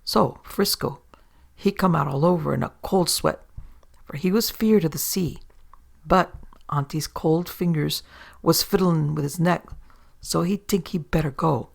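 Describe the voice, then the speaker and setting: A woman's voice: deep voice, unhurried, vocal fry, husky. A woman narrating a horror tale of the sea in a folksy sailor-yarn manner. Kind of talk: horror story reading.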